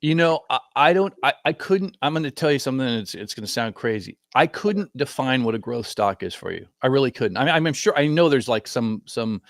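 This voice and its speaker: A man's voice: mid-range voice, animated, brisk, few pauses, no echo. Rambling middle-aged man, dry sound. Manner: rambling, self-correcting, reflective. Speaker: guest trader. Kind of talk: casual chat.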